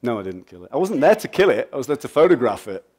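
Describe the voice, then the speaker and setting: A middle-aged man from England with an English accent, giving a lively, joking and blunt motivational talk at a festival, answering audience questions. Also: mid-range voice, fast, breathy edge. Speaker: guest speaker.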